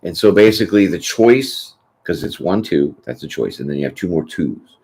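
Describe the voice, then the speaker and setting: A man's voice: low-pitched, expressive, normal speed, a little mellow, slightly rough. A man hosting a tarot channel, chatting casually and rambling through a live question session, often tossing in "you know what I'm saying". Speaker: tarot reader host.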